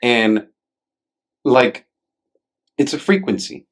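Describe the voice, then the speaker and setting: A man's voice: mid-range voice, lively intonation, takes it slowly. A man hosting a podcast in a casual chat. He tells stories with many fillers and swears now and then, and acts out quotes in a raised voice. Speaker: podcast host.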